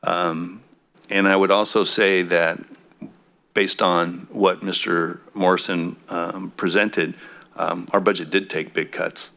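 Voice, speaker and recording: A man on a city council giving remarks at a public meeting, speaking haltingly with many fillers, his voice a bit throaty. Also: low voice, flat delivery, vocal fry, pushed and bright. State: throaty coffee voice.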